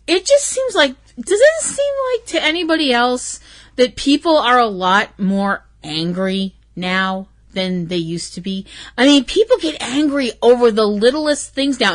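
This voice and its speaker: Woman podcast host, higher voice with lively swings in pitch, rambling and candid with frequent swearing, a touch stuffy-nosed. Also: moderate pace. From Irish and Canadian heritage. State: stuffy from hay fever. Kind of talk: casual solo podcast rant.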